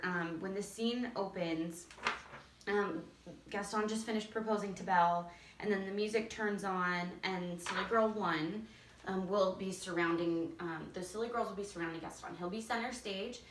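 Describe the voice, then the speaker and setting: A woman's voice: on the low side, slight background noise. A woman theater teacher giving casual, enthusiastic stage directions, laughing often. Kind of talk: casual instructional talk. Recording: roomy echo, distant from mic.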